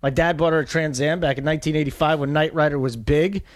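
Brief: man in his forties, talkative fantasy football analyst, slightly high voice, dry studio sound. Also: steady tone, fast talker, no room sound. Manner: chatty, self-deprecating, rambling. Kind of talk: casual sports radio banter.

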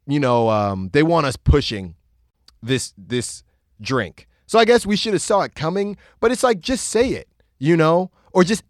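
A man's voice: fairly high pitch, dry recording, clean studio sound. A man hosting a podcast, telling a story in a casual monologue and mocking bartenders with impressions. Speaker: podcast host.

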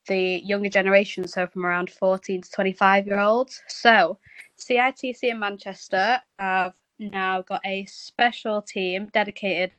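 A woman's voice: medium pitch, steady tone, normal speed, a bit bright, no echo, poor audio. A woman giving an informal update on a project, explaining plainly with many ums. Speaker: charity project worker.

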